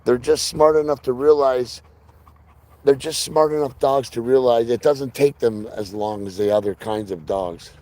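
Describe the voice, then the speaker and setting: A man's voice: mid-range voice, normal speed, a little mellow, no echo. A man chatting live with his viewers about training his dog, earnest and direct, reading out their names. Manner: earnest, talks to viewers by name. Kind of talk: casual live-stream chat.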